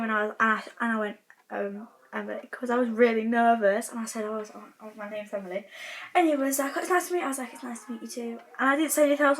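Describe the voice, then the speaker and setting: Vlogger, fairly high voice, excitable and rambling. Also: female voice. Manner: rambling, excitable, many restarts. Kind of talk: casual vlog storytelling.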